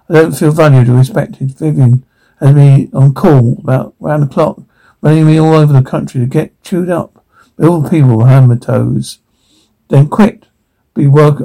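Brief: male reader, husky and dark-toned, voices all roles and reads the cues aloud. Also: fairly high pitch, low-quality recording. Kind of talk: reading out film scenes, all parts.

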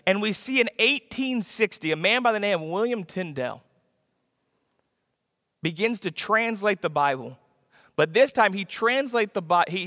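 A man's voice: high-pitched, pushed and bright, studio quality. A man preaching a sermon with emphasis, repeating his key lines for the congregation to write down. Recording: long reverb of a large hall.

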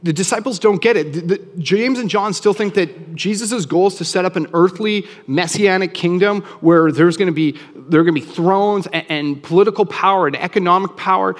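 Casual, animated man preaching in a hall. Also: sits high, brisk, hardly any pauses. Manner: casual, animated, acts out quoted voices. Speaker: pastor. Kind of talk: sermon.

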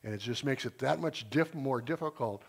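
A man's voice: medium pitch, normal speed, gravelly. A retired teacher in his sixties giving an informal church talk, earnest and rambling, with frequent restarts. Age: 60s.

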